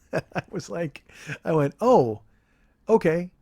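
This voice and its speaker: A man's voice: a little high, expressive, extremely slow, darkish tone, slightly rough, dry recording. A man hosting a podcast, telling a rambling comedic story in a loose, profane way. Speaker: podcast host.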